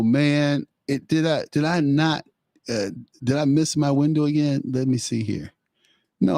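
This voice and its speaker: A man's voice: fairly low pitch, a little mellow, no room sound, clean studio sound. A man hosting a political talk show, talking casually, laughing often and mocking as he goes.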